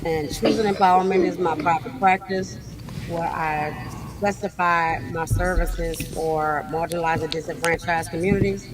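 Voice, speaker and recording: A man joining remotely as a therapist guest, talking in a blunt, outspoken, profane way. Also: high voice. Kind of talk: casual interview. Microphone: video call. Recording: noisy remote call audio.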